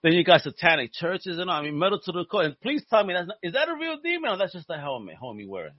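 Excitable Brooklyn man, high lively voice. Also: quick pace, dry recording, highs cut off. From Brooklyn, New York. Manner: excitable, slangy, swears freely. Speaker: host. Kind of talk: casual chat.

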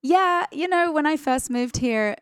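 A woman's voice: high-pitched, lively intonation, a little slow, no echo. A woman in her forties with an Australian accent, chatting as a guest in a studio interview and laughing often. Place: radio studio.

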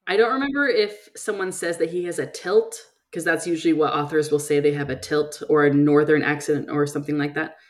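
A woman with a fairly low voice co-hosts a relaxed book discussion. She talks in loose, chatty runs and trails off and restarts as she goes. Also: brisk, few pauses. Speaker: podcast co-host. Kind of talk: casual book chat.

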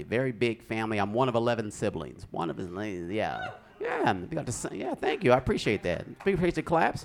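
A man doing stand-up comedy, telling animated stories with sound effects on stage. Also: medium pitch, vocal fry, a little hiss or hum.

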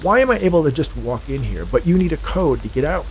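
Guy playing an angry escaped con, gravelly, faint rain behind. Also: fairly high pitch, big pitch swings, fast, slight background noise, voice pushed up. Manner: demanding, rising to shouts. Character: escaped male convict, desperate and violent.

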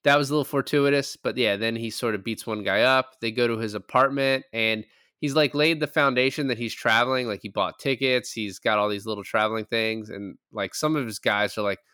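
A man's voice: mid-range voice, brisk, sharp tone, clean tone, no room sound, clean studio sound. A man co-hosting a casual movie podcast, retelling scenes with quoted lines and casual swearing. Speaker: podcast co-host.

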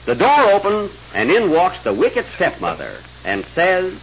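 A man's voice: high-pitched, wildly swooping pitch, a little slow. A man hosting and narrating a 1930s radio comedy sketch, tossing dry, wry asides to the audience. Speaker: host and narrator. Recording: dull, noisy 1930s radio broadcast.

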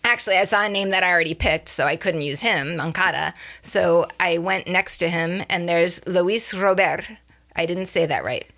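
A woman's voice: on the low side, normal speed, few pauses, fairly bright tone. A woman co-hosting a podcast, chatting casually and laughing often, correcting herself as she goes. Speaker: podcast co-host. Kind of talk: casual chat about baseball.

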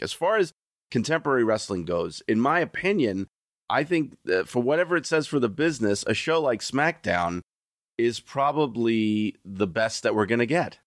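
Measured, agreeable podcast co-host man. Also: on the low side, no room sound, clean studio sound. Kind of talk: casual podcast chat.

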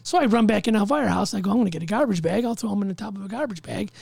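A man telling a story in casual chat, animated and profane, acting out the voices of others. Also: sits high, racing, vocal fry, breathy edge, no echo. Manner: animated, profane, acts out quotes.

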